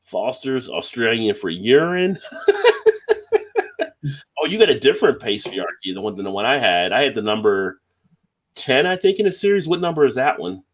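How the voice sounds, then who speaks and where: A man's voice: medium pitch, sing-song, fairly quick, pauses often. A man hosting a casual beer live stream, reading viewer comments aloud and laughing often. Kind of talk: casual chat.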